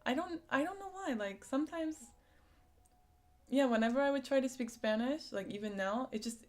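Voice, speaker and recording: Her high, darkish voice is animated and moves at a normal speed as this young woman runs a laid-back live stream. She giggles and chats through viewer comments, saying "like" and "um" a lot.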